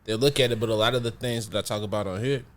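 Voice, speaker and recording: A man's voice: on the low side, racing. A man hosting a podcast, chatting casually and explaining his thinking at length with many fillers. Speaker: podcast host.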